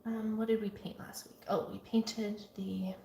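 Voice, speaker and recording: A woman artist talking casually and chattily through her computer work, at times dropping to a soft murmur. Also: medium pitch, flat delivery, unhurried, creaky, reverberant, slight background noise. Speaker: artist vlogger. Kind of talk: casual vlog talk. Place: home art studio.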